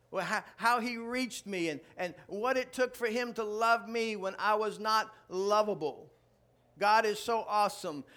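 A man preaching a sermon to a live congregation, joking and building to loud, animated outbursts. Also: high voice. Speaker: pastor. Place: church before a live congregation.

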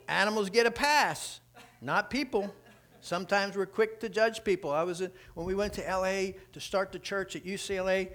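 High, bright-voiced preacher man. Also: moderate pace. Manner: animated storytelling, acting out quotes. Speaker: pastor. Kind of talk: sermon.

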